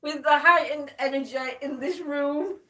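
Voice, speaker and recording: A woman's voice: normal speed, pushed and bright. A woman hosting a paranormal chat, helpless with laughter and teary, squealing and gasping between words. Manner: giggly, gasping, high squeals. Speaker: paranormal show host. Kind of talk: casual livestream chat. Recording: roomy, from a distance.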